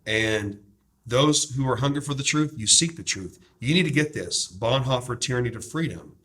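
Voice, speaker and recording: A man's voice: medium pitch, lively intonation, moderate pace, fairly bright tone. Fervent preacher-like male host. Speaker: host promoting a DVD series. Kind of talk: impassioned discussion.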